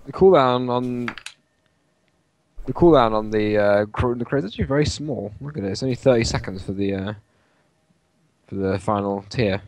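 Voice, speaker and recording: A man giving relaxed color commentary on a game match, halting and casual as he explains game mechanics. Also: medium pitch, dry recording. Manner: casual, halting, full of fillers and restarts. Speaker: co-caster of an online game tournament.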